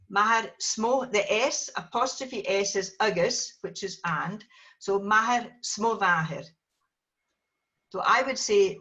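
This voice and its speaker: A woman teaches a small class at an unhurried pace, her bright, clear voice calling on learners one by one and patiently correcting how they say each word. The recording is dull and lo-fi. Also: medium pitch. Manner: patient, drills students by name and corrects pronunciation. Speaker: language teacher.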